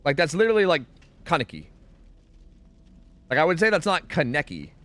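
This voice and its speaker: A young man from the US speaks very fast in a high, fairly bright voice. He's livestreaming a game and chatting idly, drifting between topics, swearing, and humming to himself.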